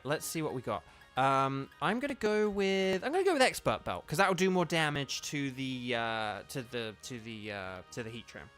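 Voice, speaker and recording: Streaming a game, a man who works as a voice actor keeps up a chatty live commentary, peppered with ums and abrupt bursts of excitement. His pitch is fairly high.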